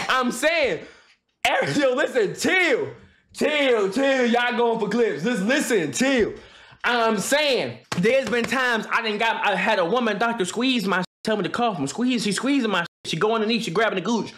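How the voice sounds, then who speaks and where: High-voiced young man ranting to chat. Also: normal speed. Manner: animated, slangy and joking, many restarts and impressions. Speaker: streamer. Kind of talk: casual rant to a live stream chat.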